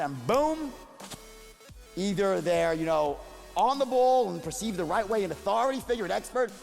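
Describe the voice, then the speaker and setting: A high-pitched man with a very lively, swooping delivery, preaching sales skills at a live seminar. He hammers points home with repetition and call-and-response. His voice rings out in a large reverberant hall over faint music. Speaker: sales trainer. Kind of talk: motivational seminar speech.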